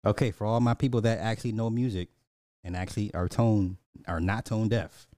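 A man's voice: fairly low pitch, steady tone, fairly quick, darkish tone, no room sound, studio quality. A man, reacting to music clips in casual commentary, blunt and petty, drawing out repeated words. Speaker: reaction streamer.

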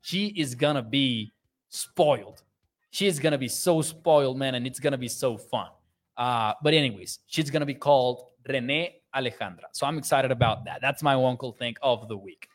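This young sports podcast host speaks in a mid-range voice at normal speed during a livestream. He reads viewer comments out loud, chatting cheerfully and laughing a lot.

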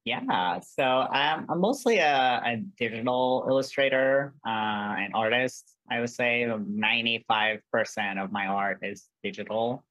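An earnest guest speaker talking casually in an interview, drifting through thoughts with plenty of "like" and "um." The voice sits at a middle pitch and sounds dry and close, with no room around it. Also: unhurried, hardly any pauses, fairly bright tone, no echo, dull audio. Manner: earnest, rambling, full of "like" and "um". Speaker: guest artist.

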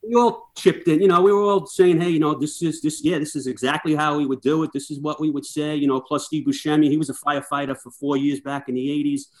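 A middle-aged man, a firefighter, telling lively anecdotes as a podcast guest and acting out the dialogue he quotes. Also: fairly high pitch, fast, few pauses. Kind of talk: casual storytelling chat.

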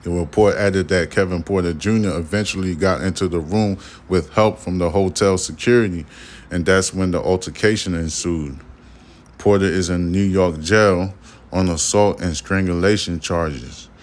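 A man's voice: low voice, normal speed. A man hosting a podcast, reading news items and giving loose, profane commentary. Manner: loose, profane, acts out imagined dialogue. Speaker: podcast host.

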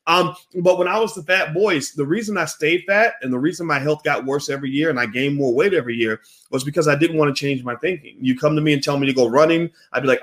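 A man hosting a casual commentary monologue, animated and profane, with many restarts. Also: fairly high pitch, fast. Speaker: host.

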